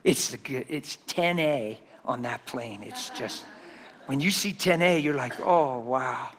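A man preaching a sermon through folksy, animated personal stories. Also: mid-range voice, measured pace. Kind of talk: storytelling sermon.

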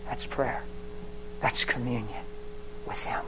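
A man's voice: a little high, normal speed, long pauses, noisy background. Male pastor, sermon delivery, folksy and emphatic, wide swings in volume. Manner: emphatic, swinging from hushed whispers to loud exhortation; colloquial, folksy phrasing.

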